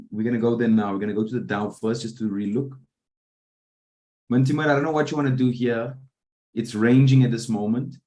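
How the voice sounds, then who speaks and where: A man coaching a live online trading room, often pausing to ask whether his listeners are following. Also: mid-range voice, darkish tone. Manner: keeps checking in with listeners. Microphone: video call.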